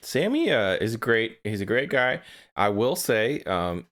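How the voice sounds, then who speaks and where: A man's voice: mid-range voice, big pitch swings, a little slow, a bit bright. A young man co-hosting a podcast, chatting casually with upbeat energy and dry wisecracks. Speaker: podcast co-host.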